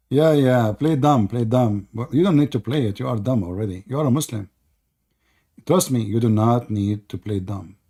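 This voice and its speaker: A man hosting a live debate call, mocking and sarcastic, laughing often and hoarse from talking for hours. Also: medium pitch, a little mellow. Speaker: debate stream host.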